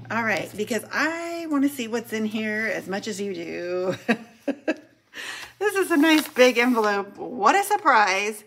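Raspy lady in her middle years opening happy mail, slow and bubbly, voice jumps all over. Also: on the high side. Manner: gushing and excitable, laughs often. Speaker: budgeting channel host. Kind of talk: casual unboxing chat to camera.

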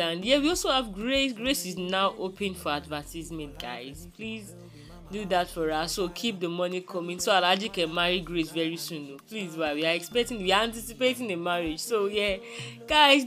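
A gossip channel host chatting to viewers about celebrities, chatty and quick to laugh. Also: medium pitch, bright, forceful tone, soft background music.

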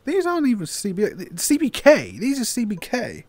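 A young man giving casual, sweary gameplay commentary, swinging into loud disbelief and laughter. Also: a little high, big pitch swings, moderate pace, no room sound. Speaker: gaming YouTuber.

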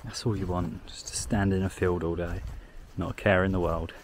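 A man's voice: low voice, little pitch movement, normal speed. A young man chatting casually while walking through the countryside for his vlog, amused and talkative, filming on a handheld camera. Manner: chatty, amused commentary with frequent "like". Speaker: walking vlogger. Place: outdoors, countryside fields and villages. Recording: outdoor noise, wind and passing traffic.

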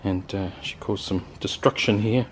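Dry-humored Australian man, lowish voice. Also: normal speed, slight background noise. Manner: dry, rambling, deadpan humor. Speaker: vlogger, amateur astronomer. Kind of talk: casual vlog narration.

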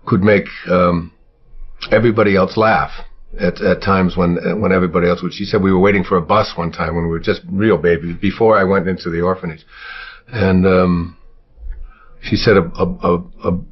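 An older man from Michigan telling childhood stories in an interview, halting with many fillers and restarts. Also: low voice, breathy edge. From Michigan, USA. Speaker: interviewee, self-help author. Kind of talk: reflective storytelling. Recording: dull lo-fi interview recording.

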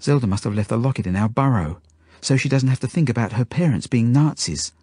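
A man's voice: mid-range voice, fairly quick, darkish tone, husky, no echo. A man reading his own book aloud, telling it earnestly in the first person. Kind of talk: audiobook narration.

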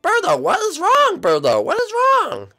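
A man doing a bubbly, oblivious dinosaur from a game role-play, squeaky and shrill. The voice leaps all over the place with a gravelly edge. Eager and bouncy throughout. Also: wildly swooping pitch, unhurried, pushed and bright, soft background music, heavily acted. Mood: puzzled. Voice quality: squeaky, high-pitched. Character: excitable, carefree male dinosaur.

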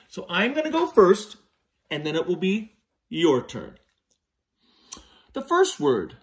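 A man teaching young children to write letters, giving slow, patient step-by-step instructions. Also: high-pitched, sing-song. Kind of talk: children's handwriting lesson.

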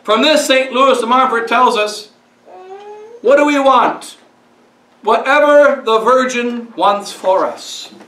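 High, bright-voiced priest preaching from afar. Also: male voice, takes it slowly. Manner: conversational preaching with rhetorical questions. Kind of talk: sermon. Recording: roomy echo, speaker far from mic.

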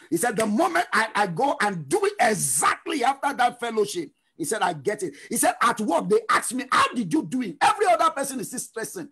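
A middle-aged man preaching a fervent sermon, shouting refrains and breaking into sung lines. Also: sits high, big pitch swings, fast, hardly any pauses, slightly rough, soft background music. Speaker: pastor.

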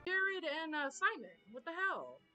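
A woman's voice: extremely high pitch, wildly swooping pitch, normal speed, sharp tone, highs cut off, faint music behind. A young woman hosting a reaction video in a chatty way, often talking back at the screen. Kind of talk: casual reaction commentary.

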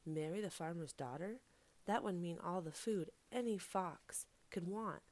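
A woman's voice: fairly low pitch, a little slow, a little mellow, close to an everyday voice. A woman storyteller voicing a greedy, hot-tempered male fox who keeps getting fooled.

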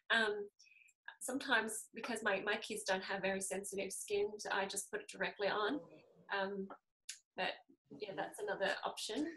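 A woman's voice: mid-range voice, expressive, normal speed, pauses often, a bit bright, poor audio. A woman in her thirties hosting a casual essential oils class, telling stories with lots of laughs and fillers. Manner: chatty, laughing storyteller, many fillers. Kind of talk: casual talk to a group.

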